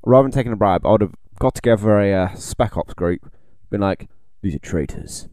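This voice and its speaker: A man's voice: lowish voice, brisk, a little mellow, clear, resonant tone, no echo, clean studio sound. A man co-hosting a casual podcast chat, brash and argumentative and swearing a lot. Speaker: podcast co-host.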